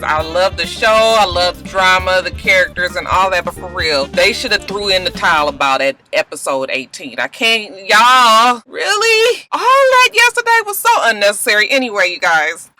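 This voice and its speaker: A woman from Georgia, chatting casually and animatedly through a TV show review, swearing and laughing as she goes. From Georgia, USA. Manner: animated, swearing, laughing asides, big pitch jumps.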